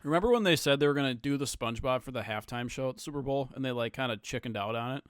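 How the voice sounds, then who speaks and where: A man's voice: mid-range voice, rapid-fire, clear, resonant tone, no echo, clean studio sound. A man co-hosting a podcast in casual chat, teasing the others with crude jokes. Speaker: podcast co-host.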